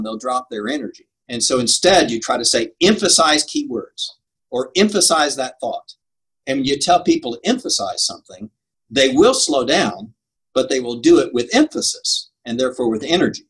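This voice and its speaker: An older man who coaches preachers answers interview questions about preaching, earnest and emphatic, with occasional laughs at himself. His mid-range voice is a bit bright and slightly rough, and the recording quality is low.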